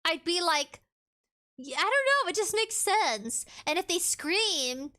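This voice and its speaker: A high-pitched woman streamer with a bright, sharp tone and a pitch that jumps all over. She chats casually with viewers and reads their comments aloud. She is playful and breaks into giggles often. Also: very animated, takes it slowly. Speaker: live streamer. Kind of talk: casual live-stream chat.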